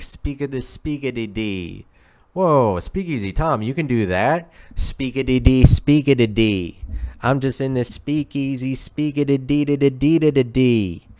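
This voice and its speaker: A man's voice: mid-range voice, darkish tone, dry recording, voice pushed up, lightly acted. A man voicing a manic male character who babbles singsong scat nonsense.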